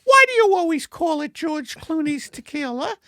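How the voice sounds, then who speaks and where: A man voicing Margaret, a fussy, scolding middle-aged wife, in a high falsetto in an improvised comedy sketch. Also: sing-song, normal speed, dry recording, full character voice. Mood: bickering. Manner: shrill, scolding falsetto, bursts into shouting. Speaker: comedy podcast co-host.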